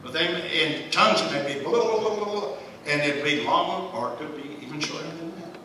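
Brief: folksy Bible study teacher, man, bright forceful voice, recorded from a distance. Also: a little high. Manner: folksy, conversational, chuckles often. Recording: echoey room, distant mic, faint hiss.

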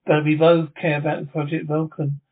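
A man's voice: fairly high pitch, monotone, a little fast, close to an everyday voice. A man reading the part of a loving, anxious wife, speaking tenderly and pleading. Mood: upset. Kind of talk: amateur script reading. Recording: tinny phone-like sound.

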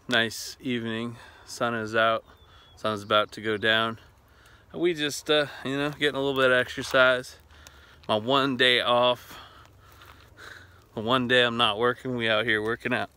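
A man's voice: mid-range voice, fairly even intonation, unhurried, pauses often, pushed and bright, smooth. A man vlogging casually, playfully teasing his dog and laughing often. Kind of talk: casual vlog chat.

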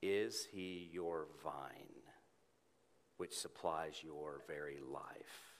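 A man preaching a sermon in church, earnest, rising to emphatic peaks and dropping to a soft hush. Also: extremely low pitch, extremely slow. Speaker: pastor. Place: church sanctuary with congregation. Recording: long hall reverb.

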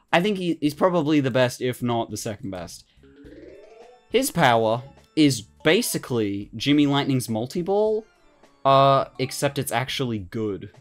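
A man giving casual let's-play commentary, excitable, swearing casually and laughing often. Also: mid-range voice. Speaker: gaming commentator.

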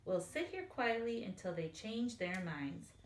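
A woman voicing a calm, proper bowtie pasta character in a storybook. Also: mid-range voice, a little slow. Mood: prim. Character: prim, polite bowtie pasta. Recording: echoey room, faint hiss.

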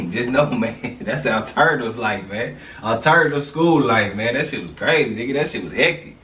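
A man telling a story from his school days in casual slang, animated and acting out the sounds. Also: mid-range voice, normal speed, distant mic. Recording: roomy, away from the mic.

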